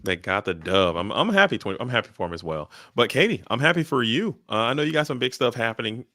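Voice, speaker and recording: A man's voice: mid-range voice, very animated, quick pace, pushed and bright, no echo. A man co-hosting a game tournament livestream, talking up upcoming events with upbeat hype and catchphrases. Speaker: tournament stream co-host. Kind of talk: casual livestream commentary.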